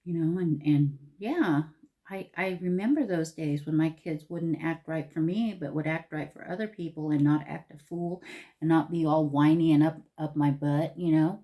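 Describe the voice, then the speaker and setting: A woman's voice: low-pitched, moderate pace, warm tone. A middle-aged woman telling a rambling, conversational story to camera in a casual vlog. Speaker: beauty vlogger.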